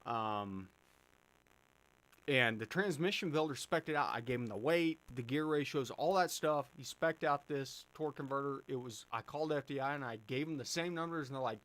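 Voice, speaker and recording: At a normal pace and medium pitch, with a fairly bright tone, this livestream host chats loosely with his audience. He responds to questions from chat, often restarting sentences and using filler words.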